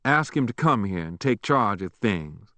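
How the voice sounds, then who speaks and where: A male narrator voicing a stern, sharp-tongued elderly grandmother who scolds curtly. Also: lowish voice, expressive, measured pace, dry recording. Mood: scolding. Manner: scolding, curt.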